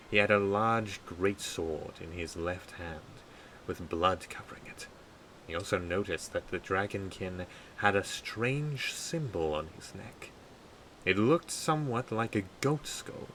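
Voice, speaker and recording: A tired man streaming a game live, reading a story draft aloud in a measured way and stumbling over words. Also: low-pitched, fairly bright tone, a little hiss or hum, low-quality recording.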